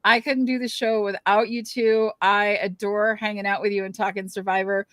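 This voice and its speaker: In a dry recording, a woman with a mid-range, level voice talks at a moderate pace as she hosts a fan podcast. She closes the show with casual, rambling chat full of ums and thank-yous.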